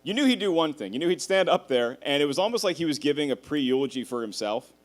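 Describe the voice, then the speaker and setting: A male stand-up comedian with a somewhat high speaking voice works through a set. He tells animated stories, swears freely and laughs at his own jokes. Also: quick pace.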